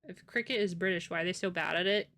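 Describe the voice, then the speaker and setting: Fast and a bit bright, this lower-pitched voice belongs to a woman livestreamer from the United States. She rambles through a casual chat with live viewers and laughs a lot.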